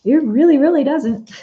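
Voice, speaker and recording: Over phone-quality sound, a high-voiced woman sews at home while live-streaming for her Etsy shop. She keeps the talk casual and replies to viewers' comments, calling each by name.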